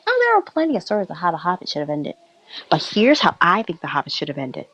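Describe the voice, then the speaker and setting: A woman's voice: on the low side, huge pitch swings, fast, a bit bright. A woman hosting a casual chat, playfully retelling a fan story with frequent giggles. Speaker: host. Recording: dull lo-fi recording.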